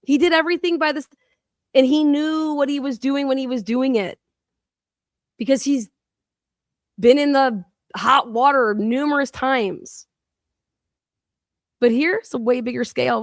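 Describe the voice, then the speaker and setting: Woman, co-host, blunt, scornful, profane commentary, slightly high voice. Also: dry recording, studio quality.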